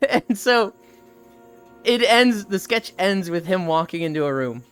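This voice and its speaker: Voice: medium pitch, expressive, moderate pace, clear, resonant tone, faint music behind. A streamer chatting casually and rambling with live viewers, laughing often and swearing freely. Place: outdoors walking.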